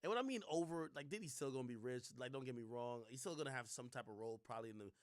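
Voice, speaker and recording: Animated slangy man reacting to clips. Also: medium pitch, rapid-fire, no echo, studio quality. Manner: animated, slangy, swears a lot, repeats himself. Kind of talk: casual reaction commentary.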